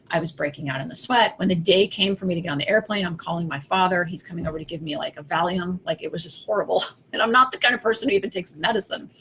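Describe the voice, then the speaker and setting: A middle-aged woman coach telling a lively personal story to an audience, acting out her own inner voice. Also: medium pitch, slightly rough. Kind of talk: casual talk to an audience.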